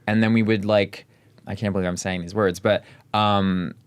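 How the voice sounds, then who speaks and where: Low smooth-voiced man telling stories. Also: normal speed. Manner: chatty storytelling, fills nearly every phrase with "like"; animated, talks emphatically. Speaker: podcast guest. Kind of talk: casual chat.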